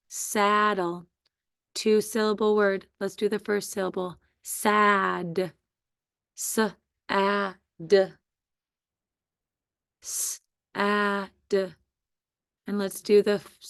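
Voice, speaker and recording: A woman teaching a children's phonics lesson at a very slow, deliberate pace, stretching out each letter and syllable. Her voice is smooth and clear with a touch of gravel, recorded dry and close. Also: mid-range voice, no echo.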